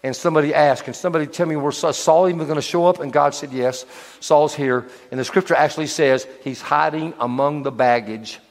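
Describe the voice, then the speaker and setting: A man preaches a sermon to his church, slightly high-voiced and animated. He slips into quick voices for biblical figures as he goes. The room rings with a long hall reverb. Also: gravelly. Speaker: pastor.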